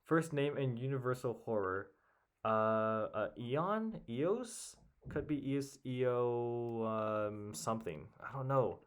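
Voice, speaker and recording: A man's voice: medium pitch, expressive, takes it slowly, clear, resonant tone. A young man thinking aloud as he works a crossword alone, muttering guesses and half-words to himself. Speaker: puzzle solver. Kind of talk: casual solo commentary while solving.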